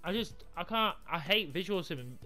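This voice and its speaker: A young man narrates his football career-mode session, his voice sitting high and leaping all over the place. He swears constantly and shouts in frustration, then drops to a low mutter between matches. Loud game music plays underneath. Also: normal speed. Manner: swears a lot, yells in frustration, mutters calmly between games. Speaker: gaming YouTuber. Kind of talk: live gameplay commentary.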